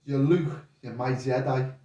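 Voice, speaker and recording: Older boxing coach telling stories. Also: male voice, medium pitch, unhurried, far from the mic, dull audio. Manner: rambling, animated retelling with quoted voices. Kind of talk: casual storytelling chat. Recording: echoey room, voice off-mic.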